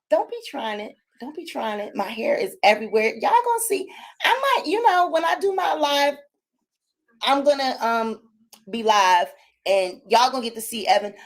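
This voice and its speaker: A woman hosting her own channel, chatting casually and sassily to viewers and her dog in a loud, high-pitched voice. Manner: animated, sassy, talks to her dog and chat. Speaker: channel host.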